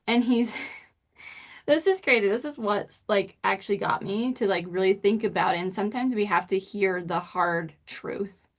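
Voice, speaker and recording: Middle-aged woman guest, animated storyteller, voice leaps up when quoting herself. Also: moderate pace. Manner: expressive, pitch jumps when acting out quotes. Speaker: podcast guest. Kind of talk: casual storytelling interview.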